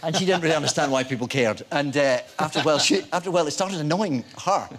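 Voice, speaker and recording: A man's voice: fairly high pitch, fast talker. A man telling anecdotes as a guest on a chat show, acting out what people said. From Scotland. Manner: lively storyteller, animated, acts out quotes. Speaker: actor guest.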